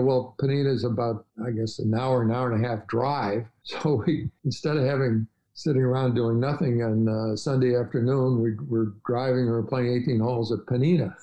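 A man's voice: mid-range voice, fairly even intonation, moderate pace, hardly any pauses, dark tone, low-quality recording. An older man telling travel stories as a podcast guest, rambling with many fillers and restarts. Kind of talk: casual storytelling interview.

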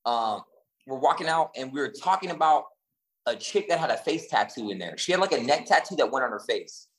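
Guy on a podcast ranting thru a story, swears a lot, trips over his words, middle pitch. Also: brisk, rough recording. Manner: animated, profane, rambling with restarts. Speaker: podcast co-host. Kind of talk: casual storytelling chat.

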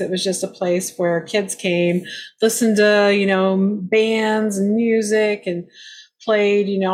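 Woman, paranormal investigator, casual roundtable storyteller; raspy-edged voice, loose and chatty with lots of fillers. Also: mid-range voice. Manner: rambling, many fillers, laughs often.

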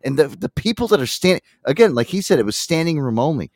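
A man's voice: a little high, sing-song, quick pace, a little mellow, no echo, clean studio sound. A man co-hosting a casual podcast, telling a profane story with lots of laughter. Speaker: co-host.

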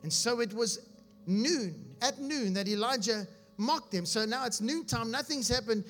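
This sermon comes from a man whose extremely high, expressive voice carries a fairly bright tone at a measured pace, with soft music underneath. Reading scripture and unpacking it humorously, he keeps asking his audience if they're following.

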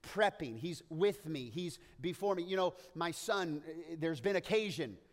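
A man preaching a sermon, joking and animated, with playful asides and frequent stammering restarts. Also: fairly high pitch, measured pace, in a large hall. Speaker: pastor.

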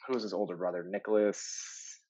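Man, casual podcast guest, low voice, animated anecdotes, dull recording. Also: fairly quick. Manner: animated storyteller, laughs often, many fillers. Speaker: actor guest.

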